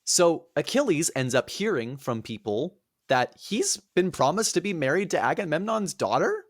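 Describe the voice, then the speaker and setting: A man's voice: a little high, big pitch swings, normal speed, no room sound, studio quality. A man hosting a podcast, retelling a myth in a casual, rambling comic way. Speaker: podcast host. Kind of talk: comic storytelling.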